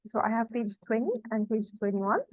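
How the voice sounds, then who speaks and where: Higher-voiced woman teaching grammar, dry and dull. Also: steady tone, no echo. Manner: repeats rules slowly and with emphasis. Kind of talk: classroom grammar lesson.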